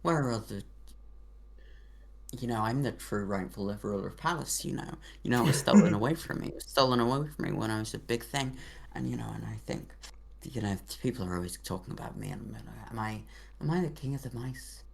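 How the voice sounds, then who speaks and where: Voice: mid-range voice, fairly quick, creaky, lightly acted. A game master voicing a small, confused but authoritative mouse king in a tabletop role-play. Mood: bewildered. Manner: rambling, bewildered questions.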